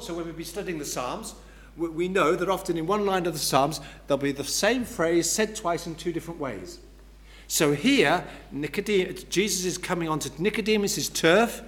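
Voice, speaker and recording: A man's voice: sits high, a bit bright. A man preaching an expository sermon who explains step by step and repeats key words for emphasis.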